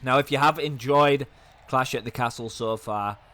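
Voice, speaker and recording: A young man with a hoarse, fading voice, giving fast, chatty commentary on a wrestling video game. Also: medium pitch, fairly bright tone, soft background music. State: hoarse, losing his voice. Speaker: gaming YouTuber.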